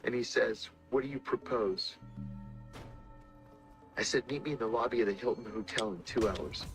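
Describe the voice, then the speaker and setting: A middle-aged man, a former intelligence officer, telling stories in a measured, dramatic way and acting out the quotes. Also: medium pitch, faint music behind. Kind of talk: storytelling interview talk.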